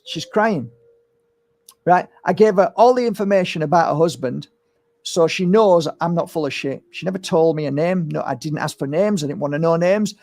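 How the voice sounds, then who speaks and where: A middle-aged man with a high-pitched voice speaks in a casual, animated monologue, like a healer talking straight to his viewers. He tells stories with energy and mimics what others said. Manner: animated storytelling, swears, acts out voices. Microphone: streaming setup.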